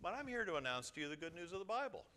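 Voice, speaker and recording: A man preaching a sermon to his congregation as their pastor, swinging from quiet asides to loud exhortation. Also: sits high, big pitch swings, racing. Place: church sanctuary before a congregation.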